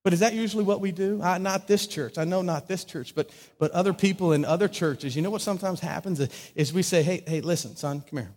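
A man preaching a conversational sermon as a pastor, acting out little scenes and swinging from loud to hushed. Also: high voice, fast, hardly any pauses. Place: church sanctuary. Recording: hall reverb.

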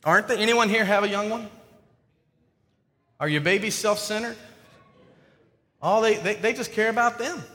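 A man's voice: high voice, moderate pace, pauses often, sharp tone. A man preaching a sermon to his congregation in a church, conversational and joking with the people in front of him. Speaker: pastor. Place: church sanctuary. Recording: long hall reverb.

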